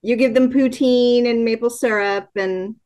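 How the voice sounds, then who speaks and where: A woman hosting an interview, enthusiastic and quick to laugh as she asks her questions. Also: on the high side, fairly even intonation, darkish tone. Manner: enthusiastic, giggly, fangirling. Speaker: podcast host, interviewer. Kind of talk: casual interview.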